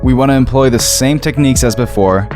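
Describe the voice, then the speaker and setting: A man's voice: medium pitch, fairly quick, over music. A young man giving a sarcastic, goofy mock vocal tutorial as a comedy YouTuber.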